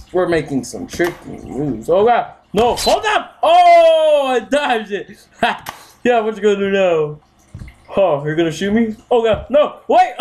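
A gaming video host giving loose let's-play commentary, yelping, shouting and laughing while taunting the characters on screen. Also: mid-range voice, a little hiss or hum. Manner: excitable, yelps and shouts, frequent laughs; talks to game characters, taunting.

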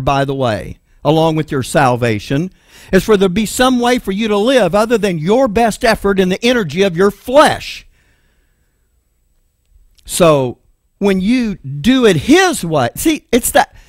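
A man's voice: high voice, no room sound, studio quality. A man with a Texan accent preaching a sermon, emphatic and full of rhetorical questions. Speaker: pastor.

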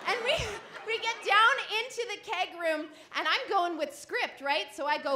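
A woman telling a frank, animated comic story on a live stage, often laughing through her lines. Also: extremely high pitch, measured pace, roomy sound, crowd noise, background noise.

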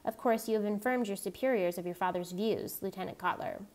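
A woman reading aloud voices a stern, coldly menacing middle-aged male commandant with a deep, measured, cutting manner. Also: a little mellow, lightly acted.

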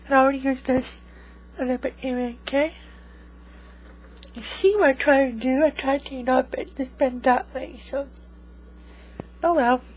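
A woman's voice: sits high, moderate pace, pauses often, slightly rough, poor audio. A woman vlogging in casual chat to her viewers, rambling and tagging most remarks with 'okay?'. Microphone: USB microphone.

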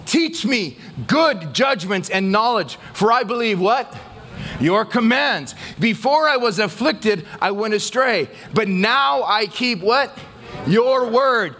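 A man pastor preaching a sermon to his church, asking the congregation questions and pausing for their answers. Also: high-pitched, pushed and bright.

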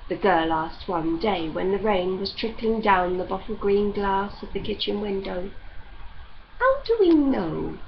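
A woman reading a novel aloud as narrator in measured storytelling, on a slightly dull recording with faint hiss. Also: mid-range voice, fairly even intonation. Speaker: audiobook reader.

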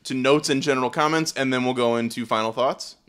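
A man's voice: medium pitch, quick pace, a bit bright, clean tone. A man co-hosting a podcast, casually steering the talk and joking along. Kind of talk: casual chat.

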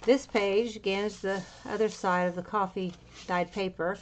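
Slightly breathless, a woman shows off her handmade journal, rambling casually and using fillers as she flips through it. She speaks at normal speed in a medium-pitched voice with fairly even intonation. Slight background noise is present.

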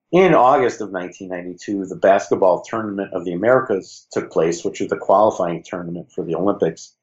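Chicago-accented man with low voice, lo-fi sound. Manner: relaxed, reflective, uses fillers like "you know". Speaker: guest, former league creative director. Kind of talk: conversational interview storytelling.

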